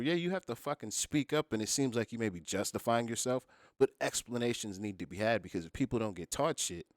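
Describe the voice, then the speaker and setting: A man's voice: lowish voice, no echo, clean studio sound. A man hosting a podcast in casual chat, explaining his view at length with plenty of profanity. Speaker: podcast host.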